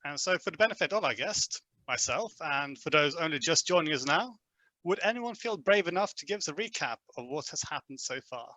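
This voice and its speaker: Man, game master, bright and forceful tone, slightly high voice, dry close sound. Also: animated, brisk, no echo, poor audio. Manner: upbeat show-opening delivery. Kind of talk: hosting a history-themed tabletop game.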